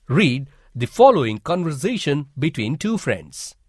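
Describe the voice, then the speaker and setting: Male narrator for kids' lesson videos, slow and clear, husky, lively pitch. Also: no room sound, studio quality. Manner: slow and deliberate, instructive. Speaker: teacher narrator. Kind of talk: scripted educational narration.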